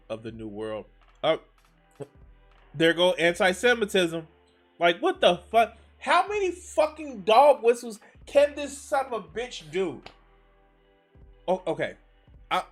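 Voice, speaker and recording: A man with a higher voice reacts on a live stream, his pitch swinging widely as he swears and sounds exasperated. He breaks off and restarts sentences often, and his sarcasm cuts through. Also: sing-song, unhurried, soft background music. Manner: trails off and restarts mid-sentence.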